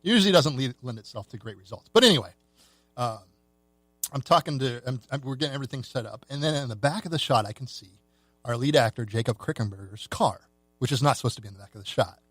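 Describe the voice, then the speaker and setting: A man who is a film director and guest on a podcast, telling an animated behind-the-scenes anecdote in casual chat. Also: medium pitch, fast talker, no room sound.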